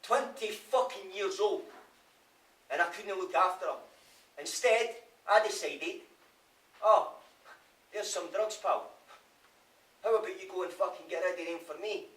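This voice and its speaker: A guilt-ridden Scottish prisoner. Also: male voice, high-pitched, unhurried, long pauses, fairly bright tone. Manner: raw, swearing constantly, brooding. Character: remorseful male prisoner haunted by guilt. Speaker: stage actor. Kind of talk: theatre monologue. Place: theatre stage. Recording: live stage, roomy, from far off.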